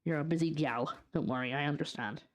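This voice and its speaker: A woman's voice: low voice, brisk, slight background noise. A young Scottish woman cooking on a casual livestream, chatting loosely with viewers and trailing off into fillers as she works in her home kitchen. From Scotland. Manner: chatty, reads out and answers chat, trails off in fillers. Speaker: streamer.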